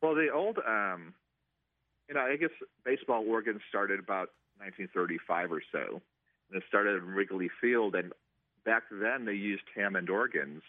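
A man's voice: lowish voice, moderate pace, dry recording. A man working as a stadium organist, answering interview questions casually with many ums and restarts. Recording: tinny phone line.

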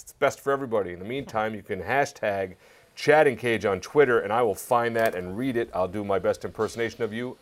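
A man hosting a live fan question show, energetic and hyping up the audience. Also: lowish voice, fast talker. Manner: energetic, hypes fans up. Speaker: host.

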